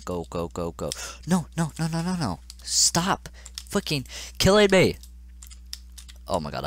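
A man's voice: on the low side, a bit bright. Frustrated young man playing a game. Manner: frustrated, exclamatory, talking to the game. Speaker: gaming channel host. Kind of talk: let's play commentary.

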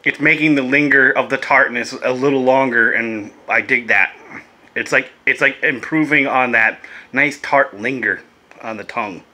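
A man's voice: medium pitch, normal speed, bright, forceful tone. A laid-back man chatting casually and swearing as he reviews vape gear in a vlog, coughing now and then.

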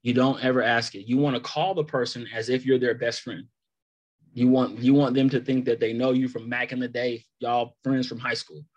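A man in his thirties leads a phone sales training over a video call, at a medium pitch. He coaches in a direct, conversational way, repeating key points for emphasis and acting out sample lines. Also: level tone, moderate pace, lo-fi sound. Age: 30s.

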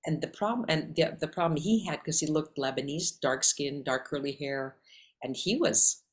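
A woman from Canada with a Canadian accent, an actress and acting coach talking animatedly in an interview, often rattling off lists. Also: deep voice. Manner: animated, talks in quick lists. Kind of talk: casual interview conversation.

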